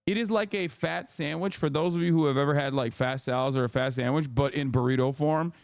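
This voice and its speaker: A man's voice: on the high side, a little fast, clean tone, no echo, studio quality. Profane, rambling man on stream. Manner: rambling, profane, animated storytelling. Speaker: livestream host. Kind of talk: casual chat.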